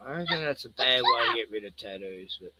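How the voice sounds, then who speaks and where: A man's voice: mid-range voice, lively intonation, a little fast, very noisy. A middle-aged man with an Australian accent chatting casually, laughing a lot and breaking off to talk to his pets in a playful singsong. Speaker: vlogger. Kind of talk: casual rambling chat.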